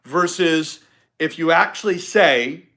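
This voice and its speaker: A man's voice: on the high side, slow, fairly bright tone. A man hosting a live-stream podcast, giving an emphatic motivational talk and repeating his key points. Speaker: podcast host.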